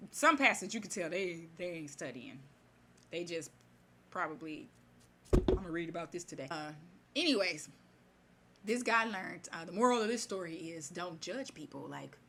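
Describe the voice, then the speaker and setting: Chatty woman retelling a story casually. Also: medium pitch. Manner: chatty, animated, with many fillers and asides. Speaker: storyteller retelling a fairy tale.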